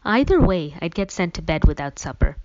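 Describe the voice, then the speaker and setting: Woman reading a first-person story, low. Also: very animated, brisk, a little mellow. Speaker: audiobook narrator. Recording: dull lo-fi recording.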